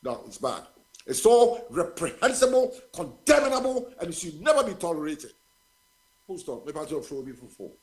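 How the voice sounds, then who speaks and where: This is an older Ghanaian man phoning in to a talk radio program, and he is outraged at the country's leaders. His voice sits high and rises and falls widely as he drives his points home. He mixes Twi and English freely, hammering each word of condemnation. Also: very animated, brisk. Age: 70s. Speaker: caller. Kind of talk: heated political call-in.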